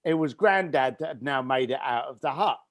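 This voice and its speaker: A man guest on a podcast, telling a personal story in an animated way and acting out the voices of his family. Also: mid-range voice, brisk, no room sound, clean studio sound. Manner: animated storyteller who acts out family dialogue. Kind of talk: storytelling interview.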